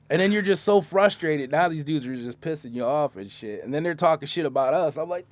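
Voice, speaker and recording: A man's voice: a little high, expressive, a little fast, hardly any pauses, a little hiss or hum. A man in casual bar talk, telling profane stories about his job as a concrete truck driver and acting out his coworkers.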